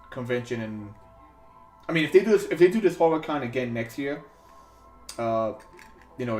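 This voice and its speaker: A man hosting a sculpting livestream, chatting casually as he works, rambling with many fillers and restarts. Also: medium pitch. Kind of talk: casual chat while working. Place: home studio in New York. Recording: roomy echo, faint music behind.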